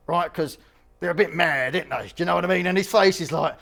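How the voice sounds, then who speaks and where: Cheeky high-voiced Cockney man. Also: fast, creaky, fairly bright tone. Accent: London Cockney. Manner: chatty, cheeky, full of slang asides. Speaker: auctioneer previewing lots. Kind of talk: casual walkthrough chat.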